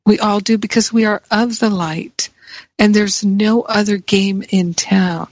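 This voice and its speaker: A woman's voice: mid-range voice, steady tone, a little slow, no echo. A woman giving a reflective spiritual teaching talk, repeating key phrases for emphasis. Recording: dry, slightly muffled recording.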